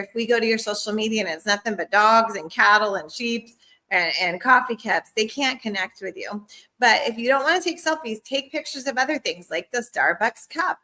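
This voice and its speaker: A woman's voice: mid-range voice, bright, forceful tone. A woman leading a live-streamed sales training at home, upbeat and chatty, with a cough and frequent laughs.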